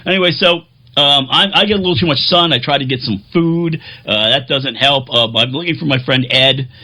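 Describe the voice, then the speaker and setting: A man's voice: mid-range voice, a little fast, sharp tone. A man who plays keyboards in a band, telling a rambling, jokey, self-deprecating vlog story.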